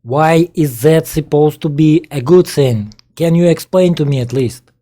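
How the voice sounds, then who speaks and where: Russian-accented man, native Russian speaker, exasperated commentator; slow, dark delivery, broken English. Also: fairly high pitch. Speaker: political commentator. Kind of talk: reaction commentary on a played video.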